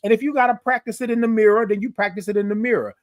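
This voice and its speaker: A man hosting a morning livestream from his phone, chatting with viewers, reading out their comments and stretching his good-mornings into long singsong calls. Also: high-pitched. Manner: animated, drawn-out singsong greetings, reads out viewer comments. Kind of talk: upbeat live-stream chat greeting viewers.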